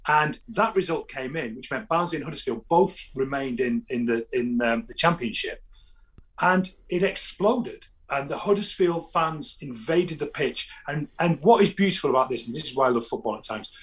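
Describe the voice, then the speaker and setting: A man, a football fan guest telling animated stories in casual chat, often restarting his sentences. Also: medium pitch, normal speed. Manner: animated storytelling, frequent restarts.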